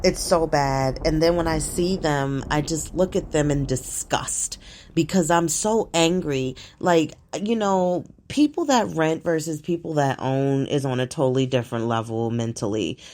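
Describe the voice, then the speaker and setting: A woman's voice: sits low, moderate pace, a little mellow. A woman hosting her own show, talking through current events in a casual, blunt, profane monologue and laughing often.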